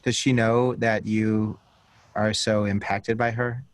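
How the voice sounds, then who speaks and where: A man's voice: lowish voice, level tone, slow, dry recording. A man hosting an interview with students, asking questions with frequent restarts. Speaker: host. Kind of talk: interview conversation.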